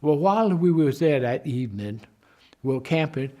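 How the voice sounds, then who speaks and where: A very old man in his nineties tells his wartime memories to the camera. His voice sits a little high for a man, and he stumbles along, repeating and restarting words as he goes. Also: animated, moderate pace, warm tone. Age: 90s. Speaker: war veteran. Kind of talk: personal war memory told to camera.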